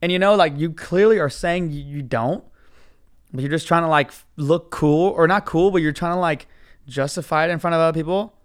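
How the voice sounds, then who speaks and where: A man with a smooth, clear voice pitched a little high tells a story as a podcast host. He rambles and swears casually, and he slips into other people's voices as he goes. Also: a little fast.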